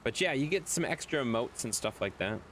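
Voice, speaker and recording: Lively-voiced man chatting on a game stream. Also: medium pitch, fairly quick, slight background noise. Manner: chatty, reads viewer chat aloud and laughs often. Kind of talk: casual live-stream chat.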